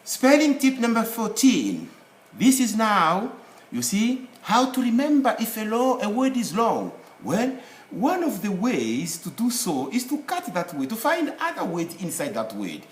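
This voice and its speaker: A man's voice: high-pitched, huge pitch swings, unhurried. A man with an African English accent teaching an English spelling and pronunciation lesson, repeating words to drill them. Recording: echoey room, faint background noise.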